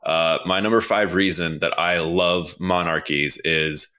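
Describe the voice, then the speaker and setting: A man's voice: low-pitched, fairly even intonation, unhurried, pushed and bright. A man competing on a comedy podcast, pushing mock-serious conspiracy theories with a straight face. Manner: mock-serious conspiracy talk, dry jokes. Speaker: contestant.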